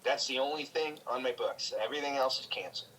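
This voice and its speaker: A man's voice: mid-range voice, a crowd in the background, poor audio. A man, a guest comedian, talking candidly in casual chat, swearing freely and restarting his sentences often. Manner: candid, profane, halting with many restarts. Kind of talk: casual chat over a call.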